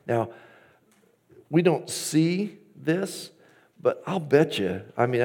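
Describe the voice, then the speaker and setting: Animated male preacher, mid-pitched voice. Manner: animated, swings between loud emphasis and quiet asides; acts out quoted lines from scripture. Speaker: pastor. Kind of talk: sermon.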